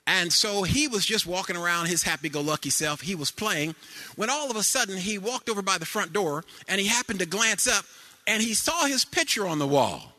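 An older man preaching a sermon, telling homely family stories with fillers, then rising into sung cadences and shouts. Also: sits high, lively intonation, brisk. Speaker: pastor.

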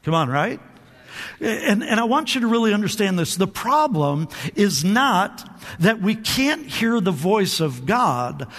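A man preaches unhurriedly, his high, bright voice echoing through a large, reverberant church sanctuary. This pastor's sermon is lively, and he keeps the congregation answering back while pushing on with energy. He repeats words and restarts often.

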